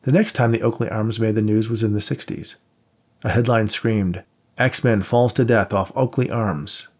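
A man narrating a novel aloud in a steady, measured reading, with small shifts in his voice for the characters. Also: fairly low pitch, slightly rough. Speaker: audiobook narrator. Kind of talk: scripted narration.

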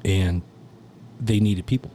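This thirty-something firefighter guest spins a loose, profanity-laced, wandering story, breaking into frequent laughter. He speaks slowly in a low, steady, warm voice, and there's a little hiss or hum on the recording.

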